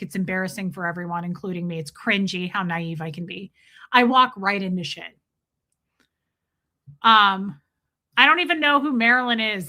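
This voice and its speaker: A woman hosting a casual livestream, greeting viewers by name and telling a self-mocking story in an animated way. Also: medium pitch. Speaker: livestream host. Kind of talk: casual livestream chat reading viewer comments.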